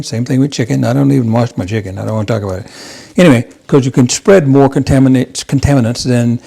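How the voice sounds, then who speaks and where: A man's voice: mid-range voice, creaky, warm tone. A man hosting his own cooking channel, talking viewers through a kitchen task in a chatty, rambling way, calling them guys and making self-deprecating asides. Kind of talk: casual cooking demonstration. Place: home kitchen.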